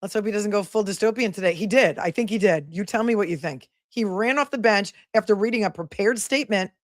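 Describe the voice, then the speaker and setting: A woman's voice: mid-range voice, quick pace, no echo, clean studio sound. A woman attorney hosting a casual livestream, reading viewer messages aloud and thanking them in a chatty, affectionate way.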